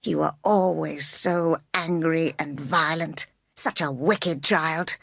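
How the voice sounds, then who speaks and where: Woman reading a dying old aunt, weak, halting, spiteful, low-pitched. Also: fairly even intonation, gravelly, fairly bright tone, dry recording, clean studio sound, full character voice. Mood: bitter.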